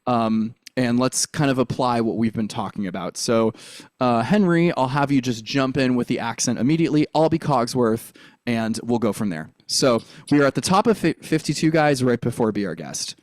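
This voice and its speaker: A man's voice: mid-range voice, lively intonation, normal speed, darkish tone, no echo, clean studio sound. A man coaching a theater class on accents, upbeat and encouraging as he demonstrates lines. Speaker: drama coach.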